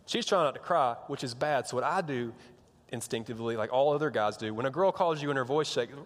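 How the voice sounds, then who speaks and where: A man's voice: medium pitch, brisk. A young man preaching to students, telling a rambling, joking story full of restarts. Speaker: youth pastor. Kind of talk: sermon to students. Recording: long hall reverb.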